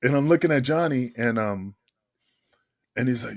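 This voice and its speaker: A man, a guest on a podcast, telling a long story in a casual, animated way, laughing and swearing as he goes. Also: mid-range voice, moderate pace, dry recording, studio quality. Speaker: guest, former wrestler. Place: podcast studio.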